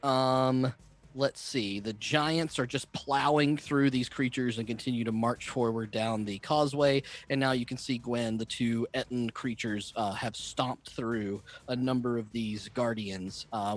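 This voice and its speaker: A man's voice: mid-range voice, steady tone, normal speed. A man running a tabletop game as game master, narrating the action with frequent fillers. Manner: descriptive, filler-heavy narration.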